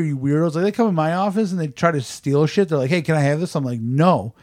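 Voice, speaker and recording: A man's voice: a little high, fast talker, hardly any pauses, no room sound, clean studio sound. A man on a podcast in casual chat, telling profane stories and acting out the dialogue. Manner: profane animated storyteller, acts out dialogue. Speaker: podcast guest.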